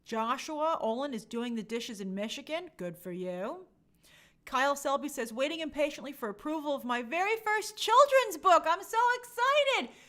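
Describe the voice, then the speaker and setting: Streamer host: woman, high, lively voice, chatty and friendly with her viewers. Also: moderate pace. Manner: chatty, reads comments aloud and answers them. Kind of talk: casual live-stream chat reading viewer comments.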